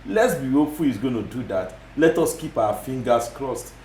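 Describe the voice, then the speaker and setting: A man's voice: medium pitch, lively intonation, moderate pace, a little mellow, reverberant, a little hiss or hum. A man with a Nigerian Yoruba accent, speaking as a guest commentator in a TV studio interview, emphatic and repeating his points. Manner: emphatic, repetitive, mixes in Yoruba phrases.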